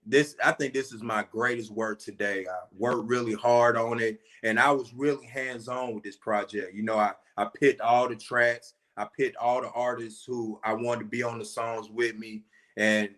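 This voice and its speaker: A man's voice: mid-range voice, a bit bright. A man in his forties from Atlanta, a rapper being interviewed, talking earnestly and from the heart, often saying "man" and "you know". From Atlanta, USA. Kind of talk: interview guest telling a story.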